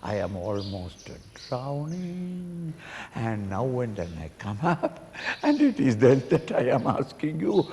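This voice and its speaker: An older man giving a slow spiritual discourse, acting out pleading cries and chuckling as he explains a hymn. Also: medium pitch, big pitch swings, a little mellow. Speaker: swami teaching a Sanskrit hymn. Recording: reverberant hall, faint noise.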